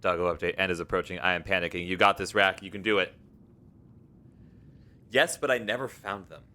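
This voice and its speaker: A man's voice: deep voice, steady tone, brisk, sharp tone. A young man streaming a game late at night, chatting casually, reading viewers' messages aloud and encouraging them. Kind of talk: casual live-stream chat while gaming.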